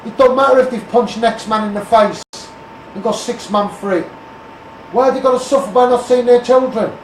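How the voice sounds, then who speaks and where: A high-voiced man with a Scouse accent rants bluntly and repeats himself, calling people out one after another. He sounds set back from the mic in a roomy, echoing space with a faint hum of surroundings behind him. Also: moderate pace, distant mic. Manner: blunt, repetitive, calls people out by name and asks "mate". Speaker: street campaigner. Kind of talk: ranting political monologue.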